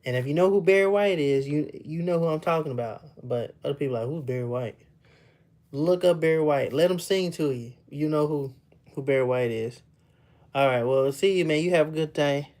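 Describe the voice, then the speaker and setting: A young man with a rather high-pitched voice, chatting casually with viewers on a livestream and laughing often. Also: brisk, a little mellow. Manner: laughs often, loose and playful, teases chat. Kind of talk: casual live chat.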